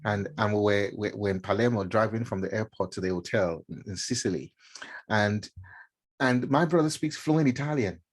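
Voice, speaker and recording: A man's voice: lowish voice, moderate pace. A middle-aged man from Nigeria giving a casual mentorship talk, chatty and full of fillers and repeated words. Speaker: mentorship speaker. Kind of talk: casual talk to a live stream audience.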